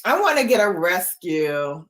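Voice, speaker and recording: A woman's voice: fairly low pitch, big pitch swings, a little slow. Laughing, chatty woman hosting a livestream. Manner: chatty, laughs often, playful. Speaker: livestream host. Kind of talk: casual chat with live viewers. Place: home.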